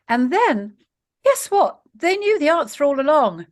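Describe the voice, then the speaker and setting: A woman's voice: high-pitched, big pitch swings, a little slow. A middle-aged woman being interviewed, talking in long run-on stretches and laughing often. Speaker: interview guest, author and mediator. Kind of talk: conversational interview.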